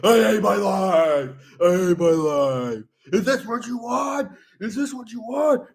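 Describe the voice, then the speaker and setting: A man's voice: high voice, very animated, takes it slowly, creaky, voice pushed up, full character voice. A man doing a comic impression of a volatile, bratty young man who shrieks and whines in angry outbursts. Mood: shrieking. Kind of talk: comic impression in a casual chat.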